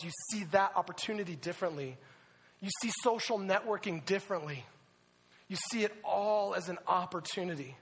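A young man preaching a sermon to youth, telling a story in an animated way with sudden excited shouts. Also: on the high side, big-room sound, a little hiss or hum. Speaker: youth pastor.

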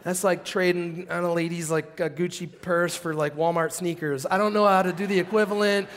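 A man preaching a sermon as pastor in a church service, telling animated stories and acting out the voices of the people he quotes. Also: sits high, brisk, in a large hall. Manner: drops to a hushed tone when praying.

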